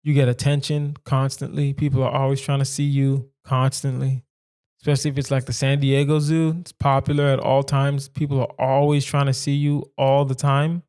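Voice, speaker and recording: A man's voice: mid-range voice, little pitch movement, normal speed, darkish tone, smooth. A man hosting a solo comedy podcast, rambling playfully through silly questions he asks himself. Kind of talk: casual solo podcast musing.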